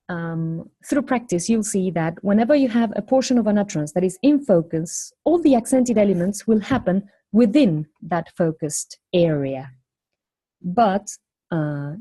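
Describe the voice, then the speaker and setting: A woman lecturing on phonology, explaining step by step in a measured way and posing questions to the class. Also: medium pitch, mellow.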